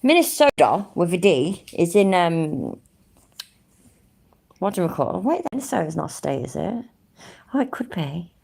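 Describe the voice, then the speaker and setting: English woman, rambling stream talk, hums and swears, lively pitch, gravelly edge. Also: normal speed, pauses often. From England. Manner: swears casually, hums to herself, thinks aloud. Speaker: live streamer. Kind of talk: rambling live-stream chat.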